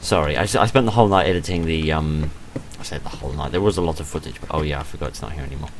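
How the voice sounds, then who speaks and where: A man's voice: very deep voice, very fast, slight background noise. A man who says he is tired and half asleep, hosting his gaming video in a rambling, chatty commentary full of self-mocking asides. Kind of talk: casual gameplay commentary.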